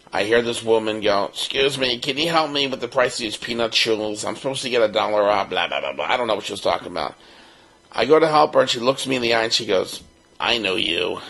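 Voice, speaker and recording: A man in his fifties from Baltimore with a gravelly, slightly husky voice. He co-hosts a podcast and spins a personal yarn, slipping into the voices of the people in it. His pitch sits in an ordinary middle range. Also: rough recording. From Baltimore, United States. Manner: lively storyteller who acts out the other people's lines. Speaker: podcast co-host.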